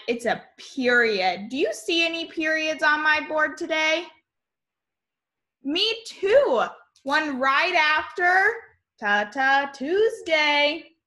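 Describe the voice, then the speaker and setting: A young woman teaching small children over a video call, her cheerful, sing-song voice sitting a little high and sounding bright and clear. She takes her time, spelling words out letter by letter. It has the plain sound of a computer mic. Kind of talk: online class lesson for young children.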